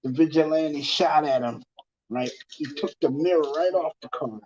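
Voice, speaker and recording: A man's voice: fairly high pitch, moderate pace, darkish tone. A man casually telling a long story, rambling and repeating himself, with many fillers. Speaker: TV talk guest telling a story. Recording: muffled lo-fi sound.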